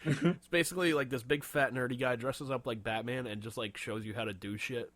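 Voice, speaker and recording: A man's voice: mid-range voice, steady tone, fairly quick, a bit bright, dry recording. A man co-hosting a casual comedy podcast, laughing often and swearing freely as he riffs. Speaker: podcast co-host. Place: Boston area.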